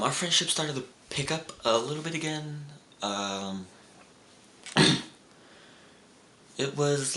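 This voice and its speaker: Young man, casual vlog storytelling, rambling with restarts, slightly low pitch, echoey room. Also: bright, forceful tone. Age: young adult. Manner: rambling, with restarts, acting out friends' lines in raised voices. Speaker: vlogger. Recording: roomy echo with faint background hum.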